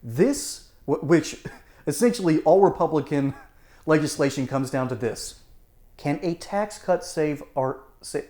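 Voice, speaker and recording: A man giving animated online political commentary, sarcastic and laughing often as he talks. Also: a little high, measured pace. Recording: roomy echo.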